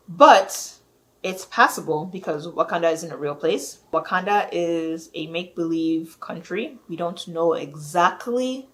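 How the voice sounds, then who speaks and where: A woman vlogger in a casual, exasperated rant, rambling and filling her talk with "like". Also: fairly low pitch. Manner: exasperated, rambling, heavy use of "like".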